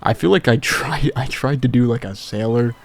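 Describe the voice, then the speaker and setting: A man's voice: mid-range voice, normal speed. A young man streaming a video game, chatting casually with rambling, self-deprecating asides and frequent chuckles. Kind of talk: casual gameplay commentary.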